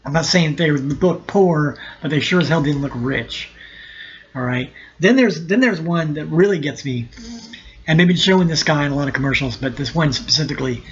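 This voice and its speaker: A man's voice: on the high side, moderate pace, dull audio. A man ranting sarcastically in a video blog, exasperated and often restarting his sentences. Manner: exasperated, sarcastic, talks himself in circles. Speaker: vlogger. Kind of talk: ranting monologue to camera.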